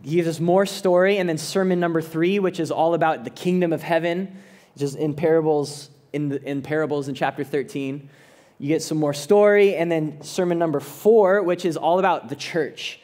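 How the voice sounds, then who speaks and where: Earnest, fairly high-voiced male preacher. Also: moderate pace, darkish tone. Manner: earnest, conversational preaching with frequent restarts. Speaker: pastor. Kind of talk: sermon.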